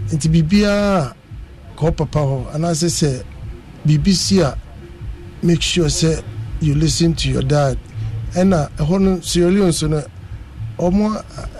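A man with a Ghanaian accent talks in a loose, relaxed way as a guest. His voice sits a little high, with a mellow, soft tone. Faint music plays behind him. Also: low-quality recording. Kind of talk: casual radio chat.

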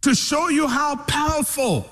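A man preaching a sermon, repeating phrases and building to shouts. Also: very high-pitched, a little slow. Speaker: pastor.

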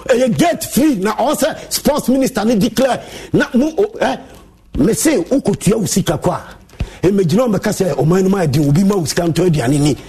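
A man's voice: high voice, animated, fairly quick, mellow, slightly rough. A Ghanaian man, a sports pundit, angrily scolding and insulting his listeners in a heated monologue.

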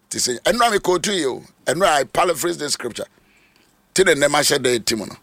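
A Ghanaian man preaching a sermon, shouting and sing-song, repeating phrases over and over. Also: fairly high pitch, expressive, fairly quick, no echo.

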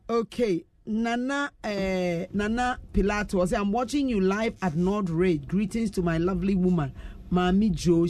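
A woman's voice: mid-range voice, mellow. A Ghanaian woman hosting a radio show, chatting playfully and reading out listener messages. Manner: playful, teasing, laughs often. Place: radio studio.

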